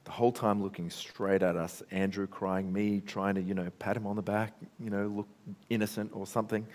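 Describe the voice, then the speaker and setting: A man's voice: lowish voice, flat delivery, fairly quick, a little mellow. A man with an Australian accent preaching a sermon, telling stories in a conversational way. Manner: conversational storytelling. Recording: long reverb in a hall.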